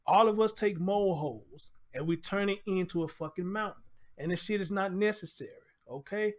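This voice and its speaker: A man's voice: high-pitched, normal speed. A man hosting a live stream, commenting bluntly and profanely in a rambling, casual way. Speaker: show host.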